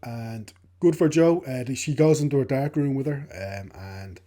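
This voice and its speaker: A man co-hosting a film podcast, talking in a relaxed way about the story with plenty of hedges. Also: medium pitch, measured pace. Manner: relaxed, hedging with fillers, laughs along. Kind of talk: casual film discussion.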